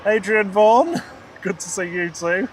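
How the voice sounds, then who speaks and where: A man's voice: sits high, a little slow, a little hiss or hum. A man hosting a live plane spotting stream outdoors at an airport, cheerfully greeting chat viewers by name. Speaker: livestream host.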